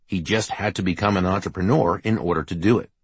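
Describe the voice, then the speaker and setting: A man narrating a novel as an audiobook, steady and measured. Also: sits low, husky, dry recording. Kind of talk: scripted narration.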